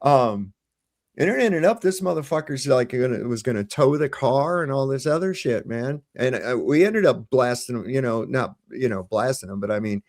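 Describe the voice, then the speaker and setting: A man's voice: mid-range voice, lively intonation, moderate pace, darkish tone. Blunt, profane middle-aged man telling a story. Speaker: panel guest. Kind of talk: casual storytelling on a livestream panel. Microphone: remote livestream call.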